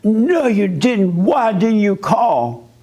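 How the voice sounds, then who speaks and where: A woman's voice: medium pitch, very animated, darkish tone, pitched above the performer's own voice, exaggerated voice. A man putting on a nagging, worried girlfriend. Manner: whiny, accusing, drawn-out. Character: worried suspicious girlfriend, adult woman, nagging.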